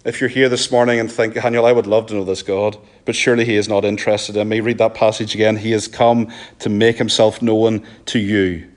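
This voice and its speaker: Earnest Northern Irish preacher. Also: male voice, little pitch movement, a little fast. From Northern Ireland. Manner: earnest, pleading, dropping to soft low emphasis. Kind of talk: sermon.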